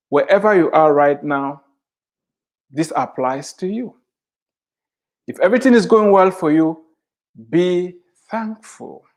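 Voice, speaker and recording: Middle-aged guy preaching slow and deliberate, kinda high voice, leans hard on key words. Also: darkish tone. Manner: slow, emphatic preaching with drawn-out phrases; repeats scripture lines for emphasis. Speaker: Christian author and speaker. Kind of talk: devotional sermon.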